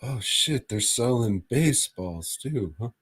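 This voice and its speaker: A man's voice: medium pitch, animated, measured pace, fairly bright tone, breathy edge, no echo. A man co-hosting a podcast, telling a rambling, profane story in a casual chat. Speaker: podcast co-host.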